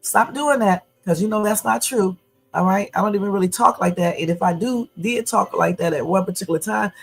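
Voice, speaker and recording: A woman in her fifties talks on a home livestream in a gravelly, husky voice. Her delivery is blunt and confrontational, loose and chatty with lots of fillers. Faint music plays in the background. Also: medium pitch, fairly quick, rough recording. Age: 50s. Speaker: YouTube livestream host. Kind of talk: casual livestream talk.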